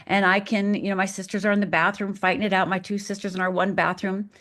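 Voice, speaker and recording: A woman's voice: medium pitch, little pitch movement, fast, a bit bright. A middle-aged woman from Upper Michigan, a podcast guest telling a personal story dramatically and acting out the voices in it.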